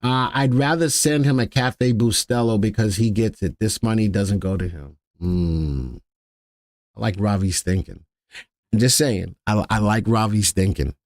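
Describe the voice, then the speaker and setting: A man's voice: on the low side, a little slow, a little mellow, no echo. Chatty man host, close dry mic. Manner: chatty, jokes with chat and crew, repeats key phrases. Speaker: livestream stock analyst host. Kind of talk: casual live stock-market commentary.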